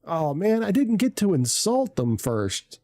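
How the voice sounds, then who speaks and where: A man streaming from home talks into a desk mic in a dark, mellow voice with a gravelly edge. He speaks slowly and mutters to himself, letting phrases trail off as he works through settings. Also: high voice, big pitch swings. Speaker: livestreamer. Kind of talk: casual live-stream chat. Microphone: desk mic on an arm.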